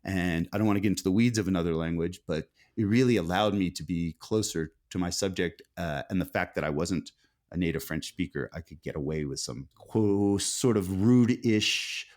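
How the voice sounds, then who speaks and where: A man's voice: sits low, moderate pace, a little mellow. A middle-aged man, an author being interviewed, talking in a thoughtful, meandering way with frequent restarts. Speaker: author, guest. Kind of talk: conversational interview.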